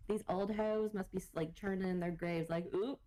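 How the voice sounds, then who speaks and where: Mellow-voiced woman, laughing and swearing. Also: medium pitch, fairly even intonation, moderate pace, rough recording. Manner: laughs often, swears casually. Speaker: podcast co-host. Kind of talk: casual comedic chat.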